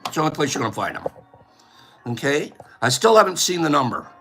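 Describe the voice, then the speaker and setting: A man's voice: a little high, very animated, quick pace, fairly bright tone, soft background music. A man hosting a casual livestream, rambling through joking rants and giving things away to viewers.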